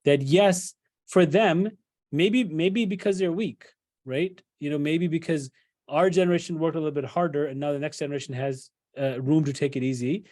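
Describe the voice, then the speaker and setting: A man's voice: a little high, a little mellow. A middle-aged man giving a conversational lecture to parents as a psychologist, often checking in with "right?" and acting out what a parent might say. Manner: conversational, many fillers and "right?" tags, acts out parent quotes.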